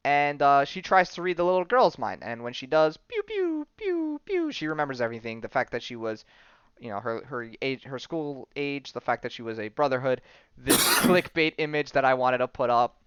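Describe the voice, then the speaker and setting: A man hosting a podcast, casually recapping a comic book story with plenty of fillers and quick acted-out character lines. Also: medium pitch, fairly bright tone, clear, resonant tone, no echo, dull audio. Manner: rambling storytelling with many fillers, briefly acting out characters' lines. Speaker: podcast host.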